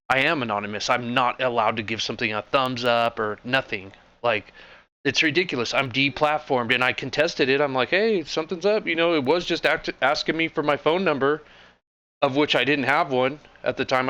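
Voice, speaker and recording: A man ranting in a casual, rambling monologue, sarcastic and indignant, swearing freely and filling pauses with "you know" and "like.". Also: mid-range voice, sharp tone, smooth. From United States. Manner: indignant, sarcastic, profane, rambling with frequent fillers. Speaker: political commentary vlogger.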